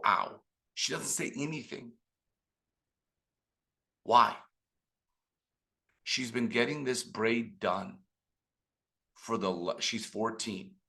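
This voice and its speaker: A middle-aged man giving an animated motivational business talk on a video call, telling stories and speaking to the audience directly. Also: fairly low pitch, gravelly. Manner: animated storytelling with audience asides. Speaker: business trainer.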